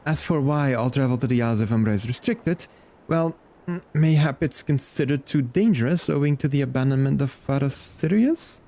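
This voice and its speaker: A man voicing a fussy, nervous male scholar in a high, fluttery voice with formal, wordy phrasing. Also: expressive, moderate pace, dark tone, lightly acted.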